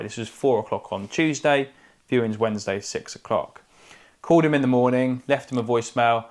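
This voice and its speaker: Here an estate agent speaks a little fast at medium pitch, spinning a casual anecdote while co-hosting a living-room podcast. His chatty delivery is clipped, and he often leaves the subjects off his sentences.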